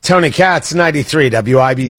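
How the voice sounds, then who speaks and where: A male talk radio host with a slightly husky voice, recorded close and dry in a studio booth. He talks through political news in a mocking, sarcastic tone, doubling back on his words as he goes. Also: fairly high pitch, fast, fairly bright tone, no room sound. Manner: sarcastic, mocking, with frequent restarts.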